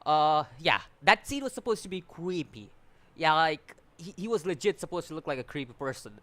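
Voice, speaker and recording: A man's voice: on the high side, big pitch swings, moderate pace, pushed and bright, no room sound. A man giving a casual, rambling review, often restarting his sentences and sounding exasperated. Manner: rambling, repeats words, many restarts and fillers; exasperated, complaining. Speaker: anime reviewer.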